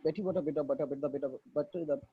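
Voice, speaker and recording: A man's voice: on the high side, fairly even intonation, phone-quality sound, slight background noise. A man joining a webinar by video call, politely reciting a tongue twister into a distant mic. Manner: polite, quick, addresses teacher as sir. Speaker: webinar participant. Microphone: distant laptop mic on video call.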